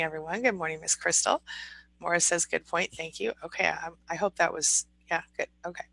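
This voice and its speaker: A woman's voice: lowish voice, pushed and bright, no room sound, rough recording. A woman hosting a casual livestream, reading viewer comments aloud and answering them in a chatty, encouraging way. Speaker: livestream host reading chat.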